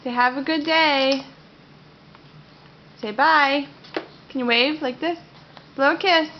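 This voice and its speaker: A woman's voice: high voice, steady tone, slow pace, a little hiss or hum. A mother at home at breakfast, coaxing and praising her toddler in a sing-song voice. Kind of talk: home video chat with a toddler. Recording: dull lo-fi home video.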